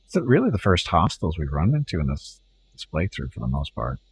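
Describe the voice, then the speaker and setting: Canadian man, very low voice, casual rambling gameplay commentary, faint background hiss. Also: a little fast. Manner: relaxed rambling, talks to chat. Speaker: gaming streamer.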